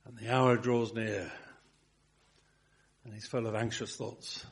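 A man preaching from the pulpit, his voice slightly husky. He swells into emphatic lines and then drops low and soft on single words. The delivery is rhythmic and earnest. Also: little pitch movement, takes it slowly. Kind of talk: sermon.

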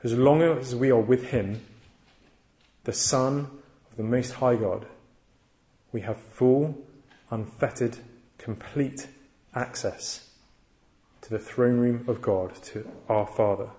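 Male preacher, mid-pitched, earnest storyteller with emphatic repetition. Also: slow, pauses often, dark tone. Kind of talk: sermon.

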